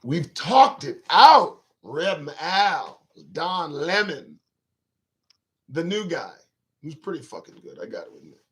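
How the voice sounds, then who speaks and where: A man's voice: a little high, big pitch swings, takes it slowly, a bit bright. A man hosting his own talk show, riffing in a casual live-stream monologue to viewers' chat, profane, rambling and emphatic.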